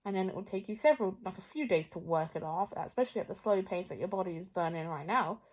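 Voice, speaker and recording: A woman's voice: fairly low pitch, animated, fast talker, a little mellow. Candid woman vlogging, rambling and frank. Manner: rambling and candid, often dropping to a near whisper; swears casually. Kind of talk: casual personal vlog.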